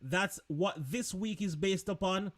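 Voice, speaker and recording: A man's voice: sits high, measured pace. A man hosting a live online show in a loose, chatty way, often repeating words. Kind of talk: casual live-stream chat.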